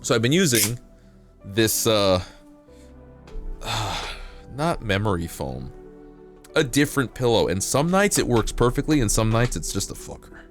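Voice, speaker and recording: Low-voiced guy streaming, rambly goofy chat, pitch jumps all over, faint music behind. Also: very animated, a little slow, long pauses. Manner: rambling, playful, swings into high silly voices. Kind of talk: casual chat with live stream viewers.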